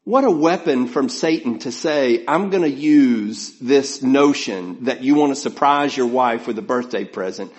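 A man's voice: mid-range voice, lively intonation, a little slow, few pauses, darkish tone, dull audio. A middle-aged man preaching a sermon in an earnest, conversational way, often restarting his phrases. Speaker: pastor.

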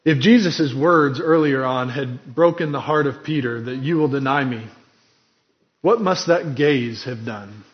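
A man's voice: medium pitch, measured pace, muffled recording. A man preaching a sermon in an earnest, emphatic way, acting out quoted lines with drama. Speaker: pastor.

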